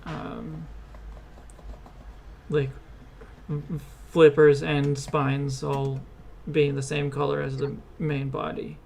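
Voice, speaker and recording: Slow, gravelly-voiced streamer. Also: mid-range voice, level tone, darkish tone. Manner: hesitant, restarts often. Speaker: streamer designing creatures. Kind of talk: casual live-stream chat.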